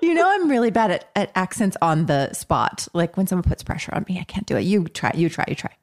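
A woman's voice: lowish voice, very animated, fairly quick. Giggly woman podcast co-host. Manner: giggly, self-deprecating. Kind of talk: casual chat.

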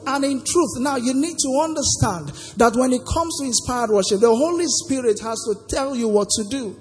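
A man's voice: extremely high pitch, moderate pace, breathy edge. A man preaching a sermon, asking the congregation to finish the verses with him. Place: church sanctuary. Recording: long hall reverb with faint music.

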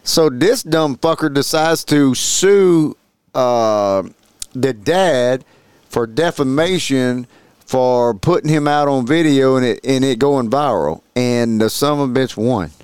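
A man's voice: medium pitch, expressive, takes it slowly, a little mellow, clear, resonant tone, no room sound. A man co-hosting a podcast, retelling news stories in profane, rambling banter. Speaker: podcast co-host.

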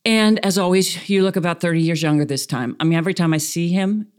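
A woman's voice: on the low side, quick pace, darkish tone, clean tone. A woman hosting a podcast, chatting playfully over a video call, laughing often and rambling a bit. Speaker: podcast host.

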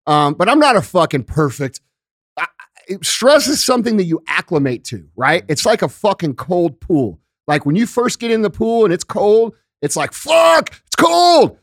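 A man's voice: high voice, big pitch swings, normal speed, dry recording, studio quality. A man hosting a podcast, talking bluntly and emphatically with lots of swearing, mixing rants with everyday analogies. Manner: conversational, uses everyday analogies. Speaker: podcast host. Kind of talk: casual podcast rant. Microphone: studio podcast microphone.

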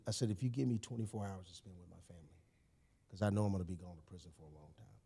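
A man with a low, husky voice tells a personal story as a guest on a podcast. The conversation is casual, and he's animated and emphatic, often dropping "you know" and "man."

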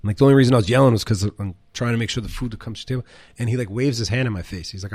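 Chatty chef telling stories, dry sound. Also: male voice, mid-range voice, racing, no echo. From United States. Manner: rambling, animated, swears, many fillers. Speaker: chef and restaurant owner, guest. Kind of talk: casual storytelling interview.

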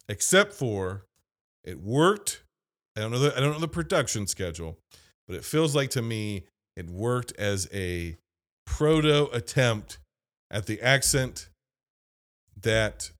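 A man hosting a podcast, giving a casual, opinionated movie review, blunt and rambling, with fillers and asides. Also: on the low side. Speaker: podcast host and film reviewer.

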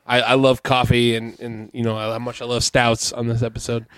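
A man's voice: medium pitch, little pitch movement, normal speed, fairly bright tone, clean tone, no echo, clean studio sound. A man on a casual podcast panel, hesitant and thinking aloud with lots of fillers. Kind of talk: casual group chat.

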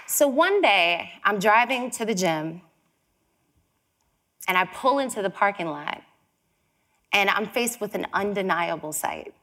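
A woman from Chicago giving a storytelling talk, lively and acting out the voices she quotes. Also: medium pitch, a little slow, long pauses. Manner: animated, acts out quoted voices.

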